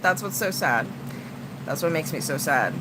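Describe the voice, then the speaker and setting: A woman's voice: low-pitched, expressive, normal speed, background noise. A woman streamer venting to her chat, blunt and profane, swinging between heated outbursts and tired sighs. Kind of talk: casual livestream venting.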